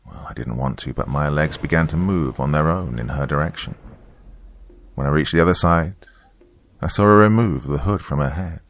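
Very deep-voiced man narrating horror. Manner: measured, hushed storytelling.

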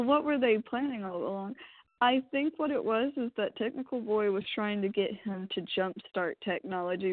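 A woman's voice: mid-range voice, no echo, narrow, tinny audio. Woman thinking aloud over thin, dry audio. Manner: thinking aloud, hedging theories. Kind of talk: casual TV recap chat.

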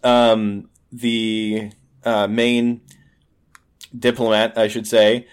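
A man's voice: on the low side, little pitch movement, extremely slow, smooth. A man narrating as game master in a loose, hesitant way.

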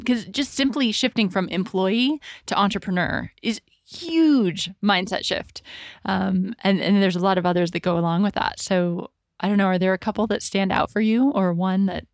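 A woman's voice: medium pitch, dry recording, clean studio sound. A woman host asking loosely phrased, searching interview questions with some fillers.

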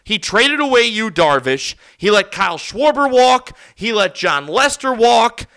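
A man's voice: sits high, sing-song, measured pace, pushed and bright, clear, resonant tone. A man hosting a solo sports podcast from a studio, ranting heatedly and sarcastically. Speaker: podcast host. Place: recording studio.

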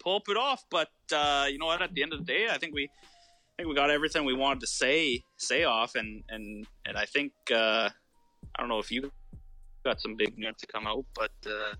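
A man's voice: medium pitch, moderate pace, bright, forceful tone, no room sound, soft background music. A man co-hosting a podcast in casual chat, teasing his partner, laughing easily and swearing casually. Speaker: podcast co-host.

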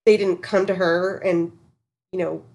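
Lower-voiced woman in a casual TV recap. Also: fairly even intonation, measured pace, a little mellow.

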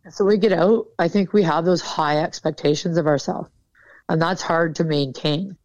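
A woman's voice: on the low side, steady tone, moderate pace, darkish tone, dry recording. A woman military veteran talking candidly in an interview, casual and frank, swearing freely. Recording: dull, dry sound.

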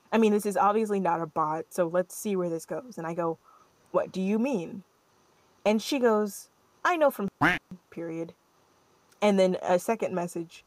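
Young woman podcast host rambling through a story, lots of likes, dry close sound, middle pitch. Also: no room sound. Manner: animated, rambling, lots of "like" fillers. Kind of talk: casual storytelling chat.

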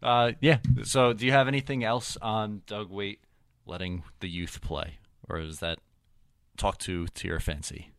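Low-voiced young podcast host. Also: male voice, fairly even intonation, measured pace, fairly bright tone, clear, resonant tone, no echo. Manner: laid-back, joking storyteller. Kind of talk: casual hockey podcast chat.

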